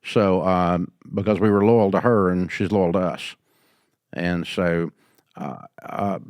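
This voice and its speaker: An older man hosting a business advice show, answering a caller in a folksy storytelling way and going quieter when he quotes people. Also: fairly low pitch, smooth, no room sound, clean studio sound. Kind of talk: call-in advice talk.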